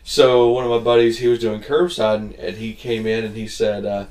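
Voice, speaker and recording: A man chats casually on a podcast and throws himself into his stories, acting out the people and laughing along. His voice sits a little low. He is recorded in an echoey room from a short distance off the mic. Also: moderate pace. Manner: animated storyteller, acts out voices, laughs a lot. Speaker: podcast co-host. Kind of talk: casual chat, storytelling.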